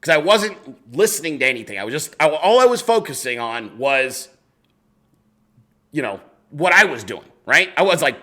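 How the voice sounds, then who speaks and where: Animated, profane man hosting a chat show. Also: fairly high pitch, normal speed. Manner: loose, profane, laughing, animated storytelling. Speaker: show host reading viewer emails. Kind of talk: casual political chat show.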